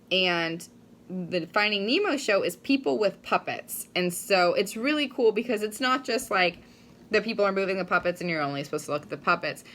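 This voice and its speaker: A woman's voice: mid-range voice, fairly bright tone. A young woman chatting casually in a vlog, gushing and emotional, with many fillers. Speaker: vlogger. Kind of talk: casual chat.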